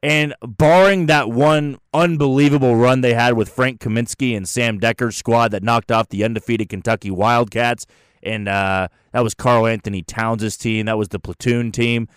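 On his solo sports show, a podcast host picks apart a tournament bracket, chatty and opinionated, with restarts and fillers. His mid-range voice is smooth and steady at a moderate pace, recorded with clean studio sound and no room sound.

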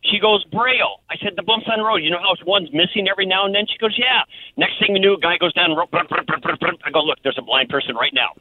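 A man's voice: high-pitched, fast talker. A man calling into a radio show, chatty and telling a prank story with chuckles. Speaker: caller. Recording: tinny phone line.

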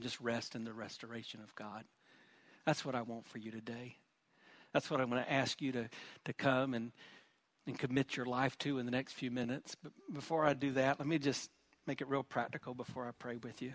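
A man's voice: mid-range voice, fairly even intonation, brisk, a bit bright, dry recording. A middle-aged male pastor preaching a sermon in an earnest, emphatic way, often repeating words.

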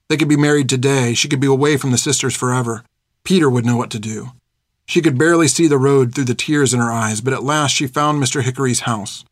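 A male narrator reading a chapter of an audiobook at a steady, even pace. His voice sits in a middle pitch, and the sound is close and dry. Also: no room sound.

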